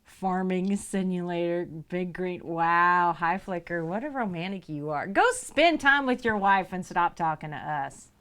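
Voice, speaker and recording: A woman's voice: unhurried, hardly any pauses, a bit bright, smooth. A woman livestreaming who chats casually with viewers, laughs often, reads their messages aloud and talks to her cats in a sing-song voice. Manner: goes high and sing-song when talking to her cats. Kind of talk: casual live-stream chat.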